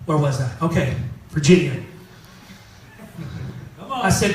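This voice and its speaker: A man in his thirties preaches with a very high voice, telling his story to the congregation in a loose, joking way. He sits back from the mic, and his words ring around a roomy hall. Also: huge pitch swings, a little slow, pauses often, fairly bright tone, recorded from a distance. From California. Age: 30s. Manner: casual storytelling, jokes with the congregation. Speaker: pastor. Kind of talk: sermon.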